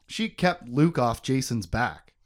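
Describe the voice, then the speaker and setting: This is a man hosting a relaxed book-talk show. His voice sits at an ordinary middle pitch but swings widely up and down as he gets animated. He keeps the recap lively with jokes and side comments. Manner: animated, joking, quick asides. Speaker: podcast host. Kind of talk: casual book discussion.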